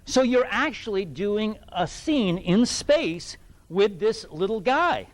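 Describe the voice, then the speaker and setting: A middle-aged man from New England telling an anecdote to a fan audience, animated and laughing, with many restarts. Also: sits high, takes it slowly. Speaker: guest actor at fan event. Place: event hall with audience.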